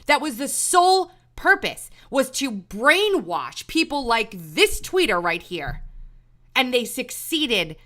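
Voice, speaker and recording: Woman ranting into her mic, voice jumps all over, bright edge, keeps repeating herself when worked up. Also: fairly high pitch. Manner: exasperated, emphatic, repeats words when heated. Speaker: political commentary host. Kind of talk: angry monologue rant.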